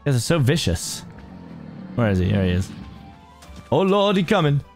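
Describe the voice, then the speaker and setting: A man giving excitable, chatty commentary while playing a Minecraft modpack, talking to himself and his viewers with sudden jumpy exclamations. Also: mid-range voice, moderate pace, soft background music. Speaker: gaming YouTuber. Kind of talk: casual Minecraft let's play commentary.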